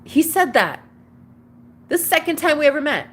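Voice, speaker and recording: A young woman who reads tarot and vlogs delivers a casual confessional monologue to camera, gushing, chatty, and calling the listener "girl" and "babe." Her high voice has a sing-song lilt and a slightly bright tone, at a moderate pace, with slight background noise.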